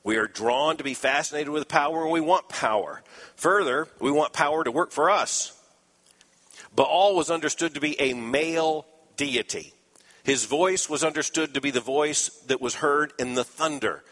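A man preaching an expository sermon in a slightly high voice. He explains scripture earnestly, dropping in dry little asides along the way. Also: moderate pace, a bit bright, long reverb tail.

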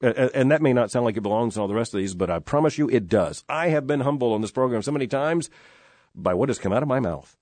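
A man's voice: mid-range voice, lively intonation, fast talker, darkish tone, no echo. A middle-aged man hosting a radio show from a studio, talking in an earnest, emphatic way with lots of "uh" fillers. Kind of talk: reflective radio talk. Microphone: studio microphone.

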